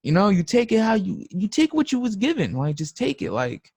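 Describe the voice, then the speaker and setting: A man's voice: sits high, wildly swooping pitch, a little fast, hardly any pauses, darkish tone, husky, dry recording. A young man hosting a live trading stream, talking in a blunt, slangy, emphatic casual rant.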